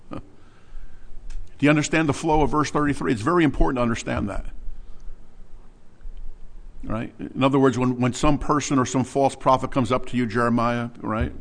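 A man teaching scripture verse by verse in a mid-pitched voice. He is animated, stumbles and restarts words, and keeps checking in with his listeners with quick questions. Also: gravelly. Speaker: Bible teacher.

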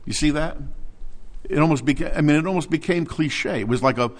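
A man teaching a Bible passage verse by verse, animated, restarting words and often asking his listeners questions. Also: on the high side, a little fast.

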